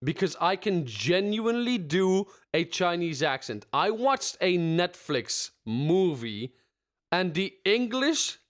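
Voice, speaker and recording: A man's voice: high voice, sing-song, slow. A man co-hosting a podcast in blunt, profane, jokey banter. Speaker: podcast co-host. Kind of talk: casual chat.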